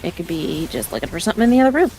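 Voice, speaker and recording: While gaming on stream, a young adult woman laughs her way through meandering anecdotes into a desk mic. She speaks at a racing pace in a lowish, slightly mellow voice that swings widely in pitch.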